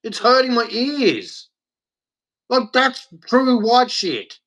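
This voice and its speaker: A man with an Australian accent vlogs straight to camera, ranting bluntly and angrily and swearing, with heavy emphasis. His voice is extremely high and swings widely in pitch, and it comes out slow and a bit bright.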